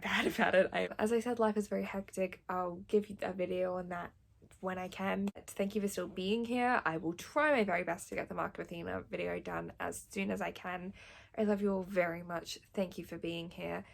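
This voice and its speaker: Young woman, Australian accent, creaky fry, excitable, swears casually, book vlog read-aloud. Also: lowish voice. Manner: laughs often. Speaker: book vlogger.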